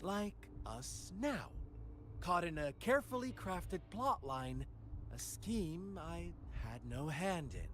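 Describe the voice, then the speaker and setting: A slow, lilting scheming storyteller. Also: male voice, a little high, lively intonation, noisy background. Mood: storytelling. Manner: measured, fable-telling delivery. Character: calm, scheming male game storyteller. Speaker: game cutscene narrator and character. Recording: game cutscene with music behind.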